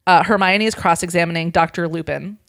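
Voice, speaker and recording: A woman's voice: fairly low pitch, fairly even intonation, a little fast, creaky, a bit bright, no echo. A woman co-hosting a podcast, casually retelling a story with frequent fillers and lots of "like". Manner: chatty, frequent ums and likes, acts out quoted lines. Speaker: podcast co-host.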